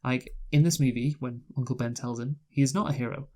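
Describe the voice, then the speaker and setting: A man's voice: mid-range voice, fairly even intonation, fairly quick, a little mellow. A man co-hosting a casual movie review chat, rambling with lots of fillers and restarts. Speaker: podcast co-host, movie reviewer.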